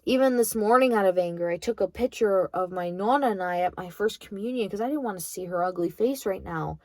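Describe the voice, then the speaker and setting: A young woman in college, a vlogger, vents bluntly about her grandmother in a bitter monologue, swearing freely. Her medium-pitched voice is brisk, and the recording is dry.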